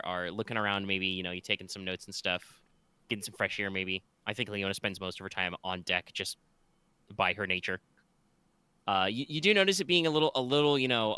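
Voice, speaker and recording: A man narrating a tabletop game as its game master, his voice bright and smooth. He is close to the mic in a dry room. He wanders through fillers and restarts as he describes the scene. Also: fairly low pitch, normal speed, no room sound. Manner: rambling, with many fillers and restarts.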